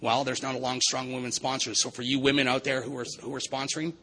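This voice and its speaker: A man's voice: medium pitch, little pitch movement, fast talker, fairly bright tone, a little hiss or hum, poor audio. A man giving an earnest, preacherly recovery testimony, repeating phrases for emphasis. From Vancouver area, Canada. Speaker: recovery meeting speaker.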